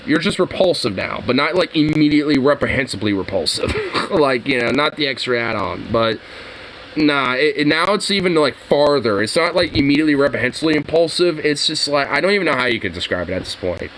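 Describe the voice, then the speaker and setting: A man with a fairly high voice talks in a loose, rambling way, packed with profanity and filler. He chats casually with a co-host, and faint noise hums behind him. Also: fairly bright tone, rough recording. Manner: profane, rambling, laughing often. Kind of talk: casual political commentary chat.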